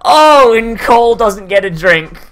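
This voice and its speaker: A man's voice: fairly high pitch, lively intonation, normal speed, a bit bright. A man from the UK, giving rambling, crude, joking commentary while streaming a game. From United Kingdom.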